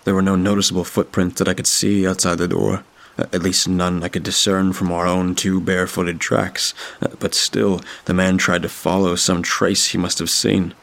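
A man narrating a scripted horror story in a measured, steady way. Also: sits low, creaky.

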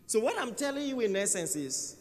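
A man's voice: extremely high pitch, big pitch swings, fairly quick, a little mellow, a little hiss or hum. A man preaching a sermon in a church hall, conversational and emphatic, often repeating his key phrases. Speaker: pastor. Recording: reverberant church hall, faint ambience.

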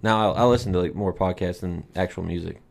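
A man's voice: low-pitched, fast, gravelly, a little mellow. A young man co-hosting a podcast, telling rambling stories and laughing at his own jokes. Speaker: podcast co-host. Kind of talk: casual chat.

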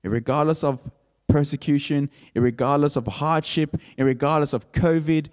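High-voiced man preaching in a reverberant hall. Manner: emphatic, repetitive preaching cadence. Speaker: pastor. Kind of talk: sermon.

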